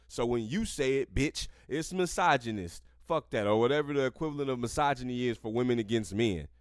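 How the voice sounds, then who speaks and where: A man's voice: medium pitch, dry recording, clean studio sound. A man hosting a podcast, ranting crudely and combatively while reading and reacting to an article. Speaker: podcast host. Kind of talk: profane commentary on articles.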